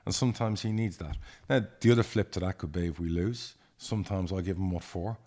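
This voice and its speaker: A man's voice: deep voice, a little fast. A man, a football club chairman, co-hosting a casual podcast and telling stories in a blunt, profane way. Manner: blunt, profane, lively storytelling.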